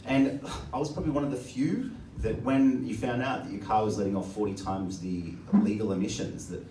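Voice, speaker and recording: A man's voice: on the low side, a little fast, slight background noise. A man doing a stand-up comedy set, telling crude, sardonic stories. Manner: crude, sardonic storytelling with lively swings. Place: comedy venue with audience. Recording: echoey live venue, distant mic. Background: audience laughter and room ambience.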